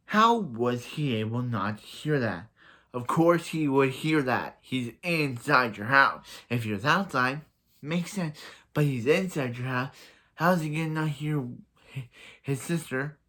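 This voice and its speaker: In a loose recap and review, this man talks through a show's plot as though chatting with viewers, stuffed with fillers like "like" and "so yeah" and frequent restarts. His voice is middle-pitched, animated, bright, and forceful, and he laughs at his own jokes.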